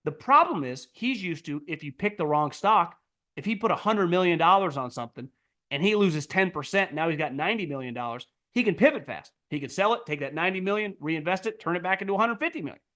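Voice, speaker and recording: A man's voice: animated, fast. A man hosting a sports podcast, riffing in a blunt, profane, casual monologue full of "like" and restarts. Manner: jumps to loud, high mocking outbursts.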